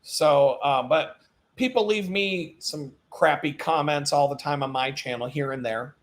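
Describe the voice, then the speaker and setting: A man hosting his own live stream in an animated, profane ranting monologue, laughing at his own jokes as he goes. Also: a little high.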